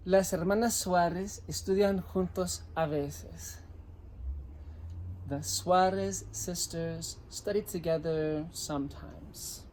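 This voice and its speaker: A man teaching a language lesson, repeating each word slowly and clearly so listeners can type it. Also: high-pitched, steady tone, a little mellow, slight background noise. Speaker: Spanish teacher. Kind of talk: slow dictation-style language lesson.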